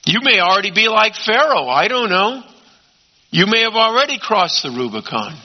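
A man preaching a sermon as pastor, emphatic, swinging between loud urging and quiet asides. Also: high voice, big pitch swings, moderate pace. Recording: dull lo-fi sound.

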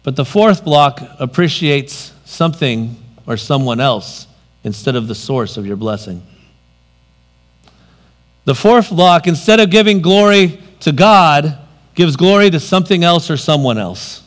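A preacher man with a fairly high voice that leaps up and down in pitch. He moves from loud emphasis to quiet asides as he preaches. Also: expressive, unhurried. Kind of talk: sermon.

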